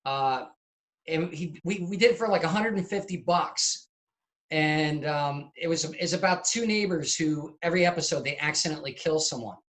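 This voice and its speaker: A middle-aged man being interviewed over a video call, telling stories in an animated way, acting out scenes and laughing at his own anecdotes. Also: on the high side, moderate pace. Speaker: guest, comedy video maker. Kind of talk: casual interview.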